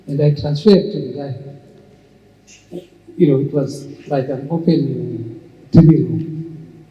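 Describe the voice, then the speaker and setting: A man's voice: medium pitch, unhurried, long pauses. An older man telling long stories to an audience, with many restarts. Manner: anecdotal, with frequent restarts. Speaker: entrepreneur and speaker. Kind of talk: storytelling talk. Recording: muffled, echoey hall.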